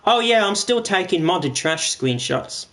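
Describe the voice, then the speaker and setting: A man's voice: sits high, lively intonation, unhurried, a bit bright. Casual man streaming a game. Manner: rambling, swears casually, frequent restarts. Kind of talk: casual gaming stream commentary.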